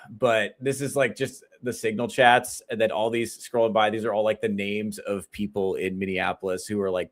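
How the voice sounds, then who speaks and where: A male comedian hosting his own podcast, talking alone in a rambling, profane and exasperated way, full of fillers. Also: on the low side. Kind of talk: solo podcast monologue.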